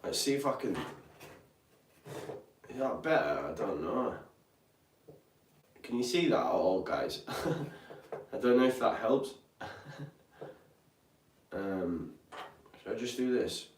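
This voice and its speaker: A man's voice: medium pitch, very animated, takes it slowly, long pauses, distant mic, slight background noise. A young man hosts a live football watch-along, chatting casually, reading viewer comments, and sounding tired. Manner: chatty, reads out viewer comments, frequent ums and apologies. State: tired, yawning. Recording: roomy echo, speaker off-mic.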